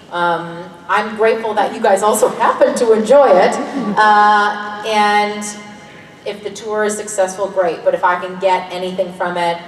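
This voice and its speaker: A woman's voice: medium pitch, slight background noise. A woman in her thirties chatting candidly as a convention panel guest, laughing often and swearing casually. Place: large convention hall. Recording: echoey hall, distant mic, faint ambience.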